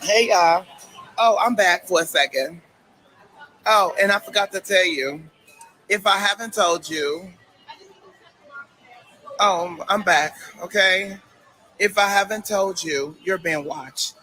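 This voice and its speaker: A man's voice: high voice, takes it slowly, pauses often, bright, forceful tone, poor audio. A man on a livestream, issuing warnings and tagging nearly every sentence with a pointed "okay?". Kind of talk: confrontational livestream rant.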